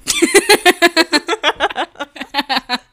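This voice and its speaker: A young woman chatting casually as podcast co-host from her room at home. She talks slowly, her pitch swinging widely as she jokes. She laughs easily. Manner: giggly, playful, lively intonation. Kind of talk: casual chat. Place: dim room at home, surrounded by cords.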